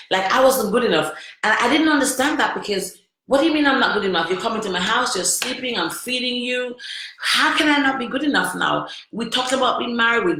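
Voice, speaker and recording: A woman's voice: fairly high pitch, bright, forceful tone. Woman telling a candid story, echoey room. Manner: emphatic, repeats phrases, asks the listener questions. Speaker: vlogger.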